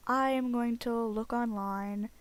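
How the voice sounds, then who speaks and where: A woman giving casual gameplay commentary as a let's play host, chatty and rambling, getting excitable at game events. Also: fairly high pitch, slow, smooth.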